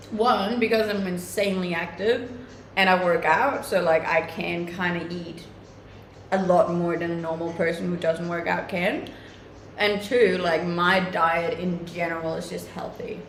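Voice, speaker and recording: A woman's voice: fairly low pitch, unhurried, slight background noise. A young woman from Scandinavia with a mixed English accent that has a Scandinavian tinge, chatting casually on a live stream and answering viewer comments, upbeat and laughing often. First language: a Scandinavian language. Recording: roomy echoing sound.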